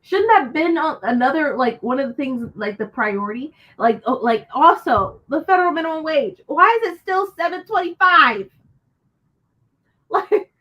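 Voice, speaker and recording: Lady on a lo-fi stream, kinda high voice, venting and cussing a lot. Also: animated, normal speed, a bit bright. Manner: frustrated, ranting, swears freely. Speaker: book channel host reading live chat. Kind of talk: casual livestream chat.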